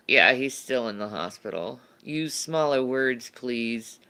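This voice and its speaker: A woman's voice: very deep voice, expressive, moderate pace, hardly any pauses, fairly bright tone. A woman livestreamer chatting casually and answering viewer questions, rambling and laughing, often restarting her sentences.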